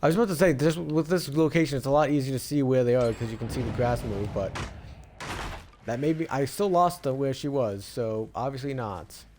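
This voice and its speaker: A man's voice: mid-range voice, brisk, a little mellow, a little hiss or hum. Man streaming a game, talking to himself. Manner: talking to himself and to other players, stop-start and chatty. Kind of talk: live gameplay commentary.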